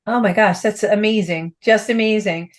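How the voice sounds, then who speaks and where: A woman's voice: medium pitch, normal speed. Woman host asking chatty questions. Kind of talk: interview questions, casual chat.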